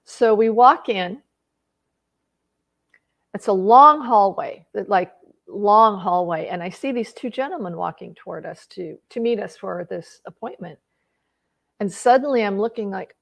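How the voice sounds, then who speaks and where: Gravelly woman telling an emotional story. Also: medium pitch, unhurried, muffled recording. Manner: emotional, tearful at times, many restarts. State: tearing up. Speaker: personal growth vlogger. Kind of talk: personal storytelling.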